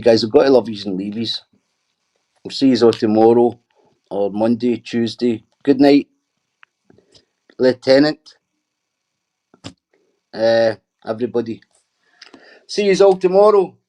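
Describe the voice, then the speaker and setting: A middle-aged man chats casually on his livestream, reading viewer comments aloud. He answers them with sweary, teasing banter. His voice sits at an ordinary pitch. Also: measured pace, long pauses, warm tone.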